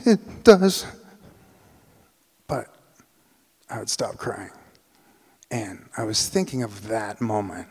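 Male storyteller, lively delivery that acts out other people's voices, mid pitch, long hall reverb. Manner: animated, acts out quoted voices. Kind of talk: live personal storytelling.

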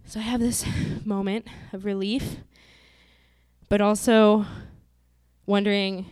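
A woman's voice: medium pitch, level tone, slow pace, long pauses, darkish tone, clean tone, no echo. A woman from Montana telling a personal story in a vivid, dramatic way. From Montana, USA.

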